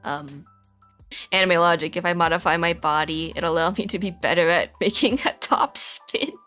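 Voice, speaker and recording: A woman's voice: fairly low pitch, normal speed, fairly bright tone, soft background music. A woman chatting casually on her live stream, rambling through a story idea with lots of giggles and restarts.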